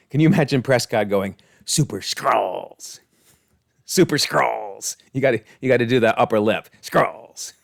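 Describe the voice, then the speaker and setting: A man giving enthusiastic, chatty commentary on a TV series, with frequent laughs and fillers. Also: medium pitch. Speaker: video commentator. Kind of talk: casual commentary.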